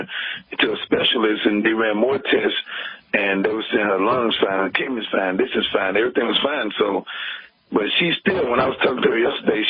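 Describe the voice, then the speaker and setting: A man calling in to a radio show, explaining earnestly and haltingly with fillers. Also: lowish voice, husky. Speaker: caller. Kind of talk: phone-in call to a radio show. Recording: tinny phone line on radio.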